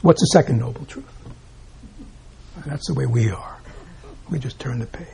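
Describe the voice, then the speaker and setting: A man giving a reflective Buddhist dharma talk to a room of listeners, posing rhetorical questions and often dropping his voice to a hush. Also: medium pitch, moderate pace, vocal fry, rough recording. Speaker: Buddhist teacher. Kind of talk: dharma talk to a live audience. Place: room with a gathered audience.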